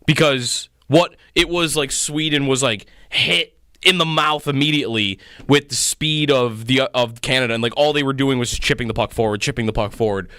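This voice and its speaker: A man co-hosting a sports talk radio show, giving animated, opinionated takes in quick bursts from a radio studio. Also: medium pitch, no room sound.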